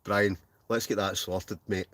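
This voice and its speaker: Scottish guy in his 40s, lowish voice, chatty, reads out comments from viewers on a live stream. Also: steady tone, unhurried, a bit bright, no echo. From Scotland. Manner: banter, reads out viewer comments, laughs often. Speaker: host. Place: tent.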